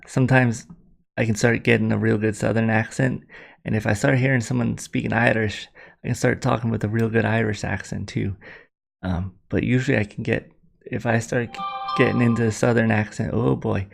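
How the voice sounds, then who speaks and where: A man's voice: fairly low pitch, steady tone, moderate pace, creaky. A man hosting a casual livestream, rambling and apologetic, with many fillers and restarts. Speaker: livestream host.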